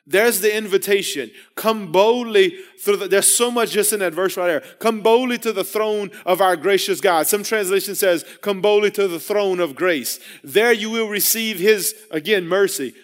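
Male preacher with a high voice, delivering an earnest sermon that builds to emphatic, repeated lines. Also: normal speed, few pauses. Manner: earnest, repeats and restarts phrases.

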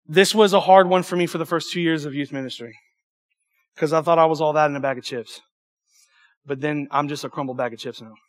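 A young man preaching a youth sermon in an animated, emphatic way, with stumbles and asides. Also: fairly high pitch, brisk. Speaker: youth pastor.

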